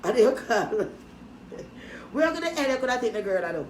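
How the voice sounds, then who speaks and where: A woman rambling casually to camera, joking loudly, swearing and trailing off into mutters. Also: on the high side, big pitch swings, moderate pace. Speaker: vlogger. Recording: echoey room, noisy background.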